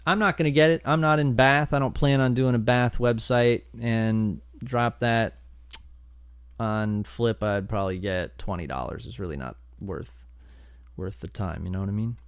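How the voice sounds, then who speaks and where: Excitable man with a gravelly voice. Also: lowish voice, normal speed, no room sound, clean studio sound. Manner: excitable and chatty, bursts of enthusiasm and groans. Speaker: domain investing channel host. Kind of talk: live screen-share tutorial, thinking aloud.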